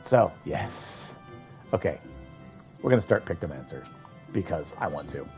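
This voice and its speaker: A man's voice: low voice, animated, normal speed, a little mellow, soft background music. A man streaming a video game, chatting casually and thinking aloud as he rambles through it. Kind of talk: casual gameplay commentary.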